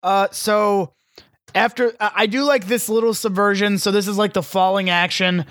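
A man's voice: sits high, steady tone, normal speed, a bit bright, no room sound, clean studio sound. A man co-hosting a podcast, chatting casually and profanely as he sarcastically recaps a movie. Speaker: podcast co-host.

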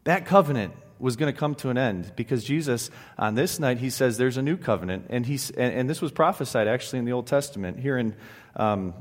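A man's voice: mid-range voice, animated, brisk. Man preaching in a reverberant church hall. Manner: swings between hushed solemn passages and emphatic raised exclamations; conversational asides with restarts. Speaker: pastor. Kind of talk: sermon.

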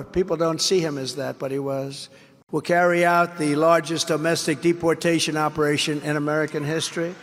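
A man's voice: sits high, fairly bright tone. A man giving a campaign rally speech as a political candidate, repeating phrases in emphatic, boastful oratory. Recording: reverberant hall.

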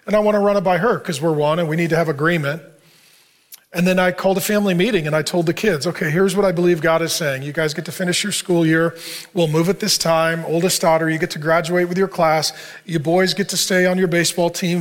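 Male pastor, middle-aged, slightly higher voice, relaxed conversational sermon delivery, earnest. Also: fairly quick. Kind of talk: sermon to a men's group.

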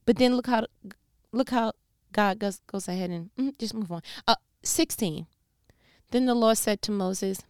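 Smooth-voiced New woman teaching scripture. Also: mid-range voice, a little slow, dry recording, clean studio sound. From New York. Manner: conversational and playfully scolding, addressing listeners directly. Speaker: Bible teacher. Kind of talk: casual scripture commentary.

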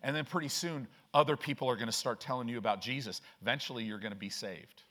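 A man's voice: mid-range voice, fast, bright, forceful tone. A man preaching a conversational sermon as pastor, often asking "right?", acting out quoted voices and reading scripture aloud. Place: church sanctuary.

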